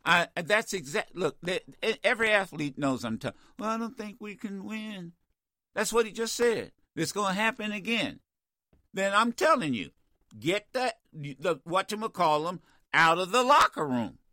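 A man's voice: sits high, big pitch swings, moderate pace, sharp tone, no room sound, studio quality. An older man hosting a call-in radio talk show, blunt, fiery and profane with callers. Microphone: studio microphone.

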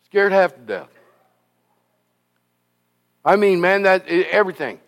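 Slow, folksy preacher, higher voice. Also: male voice, vocal fry. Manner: animated storytelling, folksy and emphatic. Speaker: pastor. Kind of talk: sermon.

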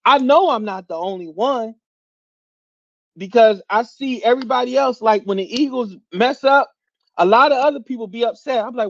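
A man's voice: very high voice, normal speed, no room sound, highs cut off. A man hosting a podcast, ranting casually about his team with slang, swearing and laughter. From Philadelphia area. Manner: animated, laughing, slangy and profane. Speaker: podcast host. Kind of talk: casual sports rant.

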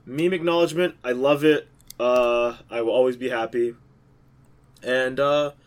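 A man's voice: mid-range voice, fairly even intonation, unhurried. A man co-hosting a podcast, telling rambling jokey stories in casual chat with lots of fillers. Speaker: podcast co-host.

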